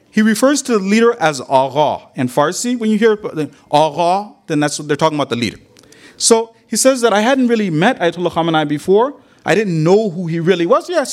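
A man giving a religious talk, retelling a story with lively quoted dialogue and Arabic religious phrases. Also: sits high. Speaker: religious lecturer. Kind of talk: sermon with storytelling.

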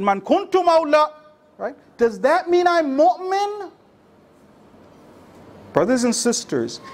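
A man preaching a sermon to a congregation, using rhetorical questions and repetition. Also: extremely high pitch. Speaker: religious speaker.

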